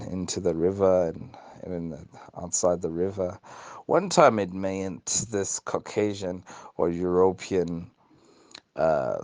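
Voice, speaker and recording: A man's voice: low voice, gravelly, a little mellow, no echo. A man from Africa telling a folk tale and its lesson in an earnest, hesitant way. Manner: hesitant, many fillers and restarts, earnest. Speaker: storyteller.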